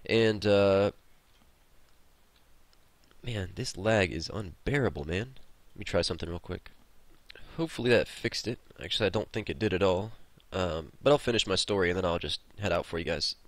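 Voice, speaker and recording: Low-voiced rambling gaming host. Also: male voice, moderate pace, no room sound. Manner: rambling, swears freely. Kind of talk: casual storytelling over gameplay.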